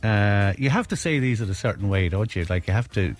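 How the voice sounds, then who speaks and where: A man's voice: on the low side, expressive, a little fast. Irish guy hosting a chat, voice swoops all over, jokey and laughing a lot, faint music behind. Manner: jokey, laughs often, reads out listener messages. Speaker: radio host. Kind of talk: casual chat.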